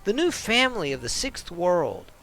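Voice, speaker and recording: A man's voice: high voice, sing-song, moderate pace, fairly bright tone, voice pushed up. A man voicing an earnest young man who pleads urgently with an ex-girlfriend. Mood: pleading.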